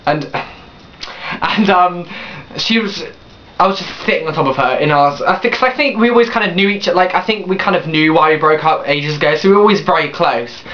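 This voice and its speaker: A man's voice: fairly high pitch, a little fast, fairly bright tone, slight background noise. A young man in his late teens telling a personal story on his vlog, rambling with restarts and blunt swearing. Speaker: vlogger. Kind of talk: casual confessional storytelling. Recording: dull lo-fi webcam recording.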